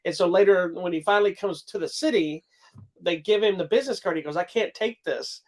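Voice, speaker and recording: A man's voice: high voice, quick pace, darkish tone, rough recording. Rambling male movie podcast host. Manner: rambling, with restarts, laughing often. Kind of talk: casual chat.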